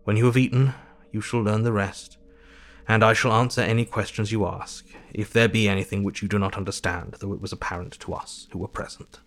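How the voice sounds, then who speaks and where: A man's voice: lowish voice, steady tone, a little fast, close to an everyday voice. An actor playing a solemn Victorian doctor who narrates his diary and speaks tenderly to a grieving woman, in an audio drama. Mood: grave. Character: grave, gentle Victorian male doctor keeping a diary. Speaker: narrator and character.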